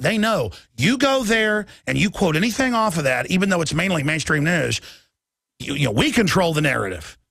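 Gravelly, ranting male talk radio host. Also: a little high, dry recording, clean studio sound. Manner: heated, emphatic ranting with sudden loud bursts. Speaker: radio and web show host. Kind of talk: political talk radio monologue.

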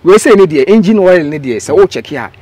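Ghanaian man, husky, rapid explainer, casual mechanic talk. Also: high-pitched, expressive, a little mellow, dry recording. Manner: explanatory, repeats a stock filler phrase. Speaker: mechanic explaining car care. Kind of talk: casual explanation mixing Twi and English.

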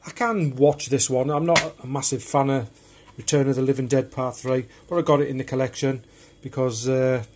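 Over a noisy background, a man with a steady mid-range voice talks at a moderate pace, hardly pausing. He casually shows off his film collection on video, rambling, chatty, and unpolished.

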